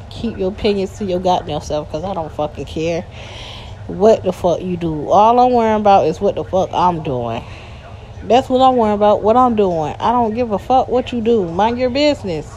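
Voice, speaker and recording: A woman's voice: medium pitch, a little mellow, slight background noise. A woman, recording a profane, exasperated ranting voice message. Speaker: voice message poster.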